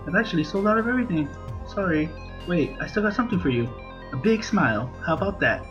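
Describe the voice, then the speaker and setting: A man's voice: high-pitched, animated, lo-fi sound, music in the background. A man doing an upbeat monster ice cream seller. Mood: cheerful. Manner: upbeat, quick salesman patter.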